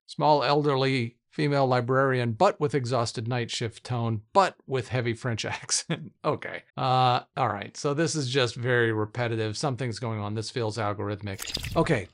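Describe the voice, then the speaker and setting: A man recording a casual screen commentary as a tech YouTuber, enthusiastic and thinking aloud as he tests software. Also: mid-range voice, moderate pace. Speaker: tech YouTuber testing AI coding tools.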